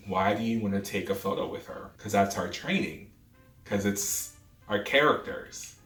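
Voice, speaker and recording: A man's voice: fairly low pitch, a bit bright, far from the mic. A man in his twenties animatedly retelling a true story, dramatic and full of asides. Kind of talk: storytime vlog. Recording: roomy echo, off-mic, faint music.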